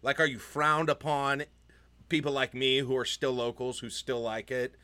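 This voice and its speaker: A man co-hosting a casual sports podcast, talking in an animated, chatty way. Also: mid-range voice, moderate pace. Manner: animated, puts on a mock Irish accent at times. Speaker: podcast co-host. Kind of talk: casual chat. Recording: remote call recording.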